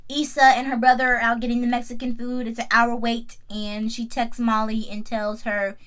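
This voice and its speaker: A young woman chats through a TV episode recap in an animated, slangy way, often talking straight back to the characters. Her voice sits a little high and has a bright, forceful edge. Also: normal speed. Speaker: YouTube TV recap host. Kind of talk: casual review chat.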